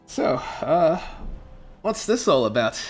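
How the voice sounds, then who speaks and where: A man's voice: a little high, very animated, takes it slowly, faint music behind, voice pushed up. A man voicing a friendly, easygoing young male farmer who talks in a chatty, hospitable way. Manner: chatty, laid-back, hospitable.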